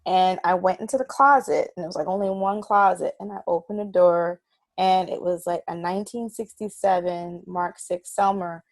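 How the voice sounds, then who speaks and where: A woman saxophonist talking as a guest in a casual interview, telling stories in an animated way and laughing often. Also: fairly low pitch, moderate pace, dry recording.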